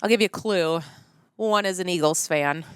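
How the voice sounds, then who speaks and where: A woman's voice: fairly low pitch, moderate pace, clear, resonant tone, no echo, studio quality. A woman co-hosting a show, casually introducing guests with playful teasing. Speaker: podcast co-host.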